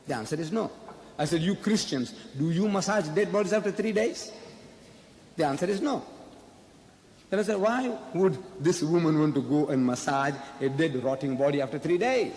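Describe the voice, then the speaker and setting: A man's voice: a little high, moderate pace, darkish tone. A man giving a public lecture to a live audience, posing rhetorical questions and answering them himself. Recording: echoey hall, faint background noise.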